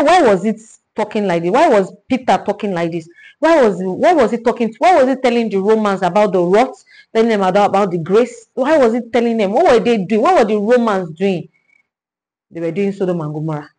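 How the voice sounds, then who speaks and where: A woman with a mid-range voice leads a Bible study, teaching animatedly, repeating herself and asking rhetorical questions. The audio quality is poor.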